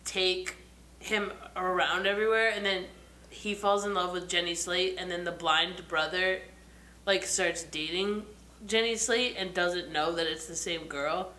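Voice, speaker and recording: A young woman chatting casually as a podcast co-host, telling animated stories and acting out quotes. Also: lowish voice, unhurried. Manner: animated storyteller, acts out quotes. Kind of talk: casual chat. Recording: echoey room.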